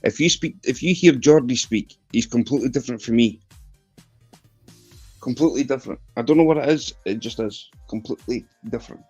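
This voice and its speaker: A man's voice: mid-range voice, brisk, darkish tone, slightly rough, no echo, dull audio, faint music behind. A Scottish man from the northeast of Scotland chatting as a guest on a live stream, rambling with lots of restarts. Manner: rambling, repeats himself, many restarts. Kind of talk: casual chat on a live stream.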